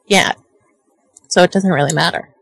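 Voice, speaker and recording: A woman's voice: fairly low pitch, normal speed, gravelly, a bit bright, dry recording, poor audio. A woman playing a tabletop role-play game, talking casually and trailing off as she explains herself. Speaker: player.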